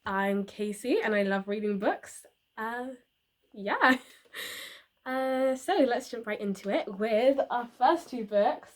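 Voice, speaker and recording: A woman's voice: a little high, lively intonation, slow. A young woman chatting casually about books for her channel, rambling with fillers and little laughs. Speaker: book reviewer. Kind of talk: casual book review vlog.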